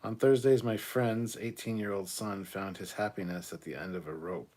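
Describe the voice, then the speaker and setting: Low husky man chatting on a livestream. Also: fairly even intonation, normal speed, darkish tone. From Canada. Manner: reads viewer comments aloud and reacts, swears, laughs. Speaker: livestream host reading chat. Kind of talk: casual live chat.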